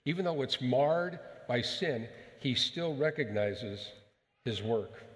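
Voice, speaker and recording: A male pastor giving a sermon, speaking in an emphatic, measured way and putting rhetorical questions to the congregation. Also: mid-range voice, lively intonation, big-room sound.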